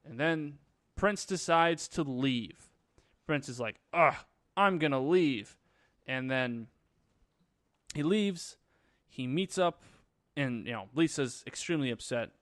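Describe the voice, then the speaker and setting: A man's voice: mid-range voice, expressive, slow pace, long pauses, no room sound, studio quality. A young man reviewing a movie in a casual vlog, sarcastic, crude and rambling as he retells the plot.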